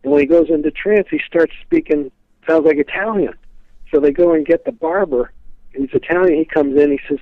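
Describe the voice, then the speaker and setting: Calling in over a tinny, dry phone line with no room sound, this guest expert speaks fairly quickly in a slightly high voice. He rambles through his stories on the interview show, leaning heavily on fillers and retelling events with animation.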